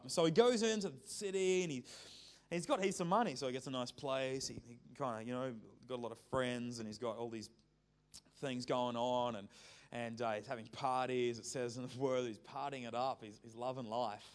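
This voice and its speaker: A man's voice: medium pitch, normal speed. A man preaching a sermon, telling a story in a conversational, joking way. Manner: conversational, lively storytelling with jokes.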